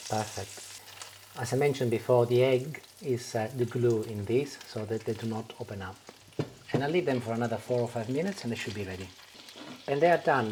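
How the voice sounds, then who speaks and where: A man hosting a casual cooking demonstration at home, chatting warmly and pausing often with "uh" fillers. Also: mid-range voice, noisy background. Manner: warm, chatty, hesitant with frequent "uh" fillers. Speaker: cooking show host. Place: home kitchen. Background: food sizzling in a frying pan.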